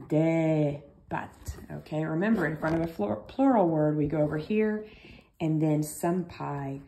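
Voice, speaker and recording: A woman's voice: on the low side, expressive, normal speed, dark tone. A woman teaching a recorded French lesson, chatty and reassuring, thinking aloud as she explains.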